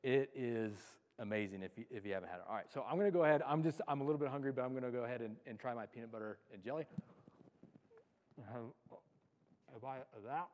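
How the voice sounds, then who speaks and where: A man's voice: mid-range voice, fast talker, a little mellow. A man preaching a casual sermon, chatty and self-deprecating, cracking jokes as he talks. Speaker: pastor. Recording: long reverb of a large hall.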